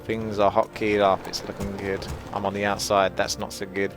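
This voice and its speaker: A man's voice: on the low side, monotone, normal speed, over music. Chatty man narrating gameplay. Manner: chatty, jokey, thinks aloud while playing. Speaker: gaming channel host. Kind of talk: live gameplay commentary.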